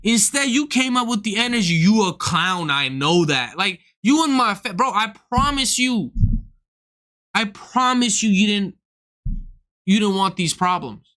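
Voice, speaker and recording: Heated young man ranting, forceful voice. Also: high-pitched, lively intonation, unhurried. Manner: profane, heated, swings into act-outs. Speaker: comedian streaming to viewers. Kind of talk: casual ranting monologue.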